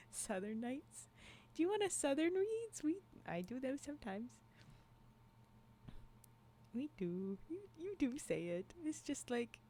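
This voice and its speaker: A woman's voice: fairly high pitch, darkish tone. A woman livestreamer chatting casually with her viewers, rambling through asides and laughing often. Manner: frequent restarts and trailing asides. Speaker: livestream storyteller. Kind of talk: casual chat with live viewers.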